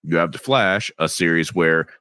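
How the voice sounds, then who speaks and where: A man with a Southern US accent co-hosting a podcast, chatting casually and rambling as he dips into quick impressions. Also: deep voice, sharp tone, no room sound. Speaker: podcast co-host. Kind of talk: casual chat.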